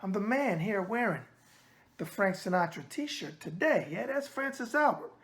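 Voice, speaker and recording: A man's voice: sits high, animated, normal speed, a bit bright. A man in his sixties with a New York accent, hosting a casual boxing chat show, answering viewer emails with brash, streetwise catchphrases.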